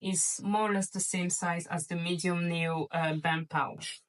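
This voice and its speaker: A woman's voice: fairly low pitch, steady tone, unhurried, distant mic, low-quality recording. A woman vlogger chatting casually and playfully to her viewers about luxury shopping, gushing over items. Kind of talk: casual chatty haul video.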